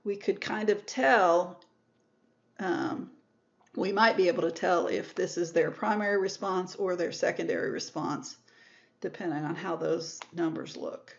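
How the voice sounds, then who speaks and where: In a muffled recording, a woman with a lowish, unhurried, vocal-fry voice delivers a microbiology lecture. She walks through the material step by step, explaining as she goes, repeating and rephrasing terms, and correcting herself.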